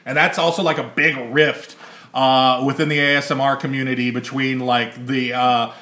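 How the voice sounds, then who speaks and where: A man's voice: mid-range voice, level tone, normal speed, pushed and bright, roomy sound. A man hosting a casual podcast chat, rambling, laughing often and swearing freely. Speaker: podcast host.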